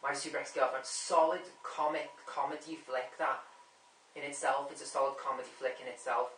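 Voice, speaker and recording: A man talks through his film picks in a loose, rambling way, circling back and repeating himself whenever a name escapes him. His voice is bright and carries a sharp edge, but it stays fairly flat in pitch. It is recorded from a distance in an echoey room. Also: a little fast, slight background noise. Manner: rambling, keeps losing names and repeating himself. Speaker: movie vlogger ranking a top ten. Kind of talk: casual rambling film chat. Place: room at home.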